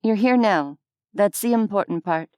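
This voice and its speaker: A woman narrating a scripted audiobook in an unhurried, even storytelling manner on a close studio mic. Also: medium pitch, smooth, dry recording.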